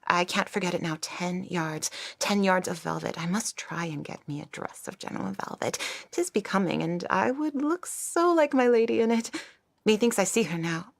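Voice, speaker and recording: A woman's voice: fairly low pitch, expressive, moderate pace, creaky, no echo. A woman playing a vain, scornful young maidservant in a stage play, delivered with haughty mockery. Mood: daydreaming.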